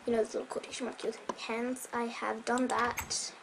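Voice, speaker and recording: A woman casually commenting on her gameplay, rambling and correcting herself, sometimes dropping to a soft whisper, her voice a bit strained. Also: on the high side, level tone, moderate pace, gravelly, noisy background. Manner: rambling, self-correcting, chatty. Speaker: Minecraft let's player.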